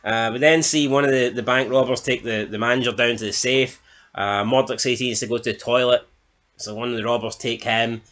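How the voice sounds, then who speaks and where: A man's voice: medium pitch, steady tone, brisk, a bit bright. A man chatting casually as a reviewer, recapping a TV episode in a loose, rambling way with frequent restarts and the odd swear. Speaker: film and TV reviewer.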